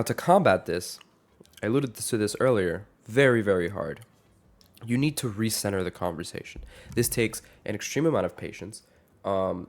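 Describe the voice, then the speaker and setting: A man's voice: on the low side, a little mellow. Rambling young man ranting casually. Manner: rambling, self-correcting, wry. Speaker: vlogger. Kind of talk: casual rant to camera.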